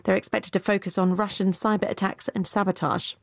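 A woman newsreader delivering a formal radio news bulletin in a measured, even way. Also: mid-range voice, creaky, no room sound, studio quality. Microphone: studio microphone.

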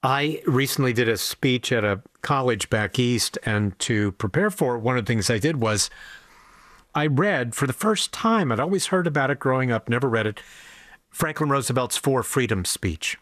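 An older man hosting a conversation in a measured, thoughtful way. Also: medium pitch, lively intonation, a bit bright, dry recording. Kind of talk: conversational interview.

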